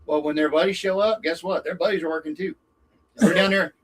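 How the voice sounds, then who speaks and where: A man, a racing dad, telling stories in a lively way and acting out what people said. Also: a little fast, breathy edge, poor audio. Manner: lively, acts out quotes with raised pitch. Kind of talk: animated storytelling.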